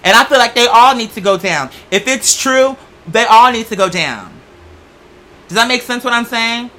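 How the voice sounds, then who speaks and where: A man's voice: very high-pitched, lively intonation, normal speed, sharp tone. A young man hosting a show, talking in a sassy, campy, profane comedic monologue. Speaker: show host.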